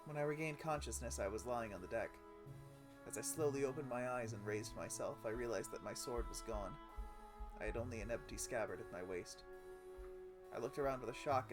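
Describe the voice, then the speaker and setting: A man reads a tragic first-person tale aloud with strong feeling, his voice dropping low and quiet and then breaking into loud cries. His pitch sits in an ordinary middle range. Music plays clearly behind him. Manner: emotive, with sudden loud outcries on names. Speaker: streamer reading a game story aloud. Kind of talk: dramatic reading of a first-person story.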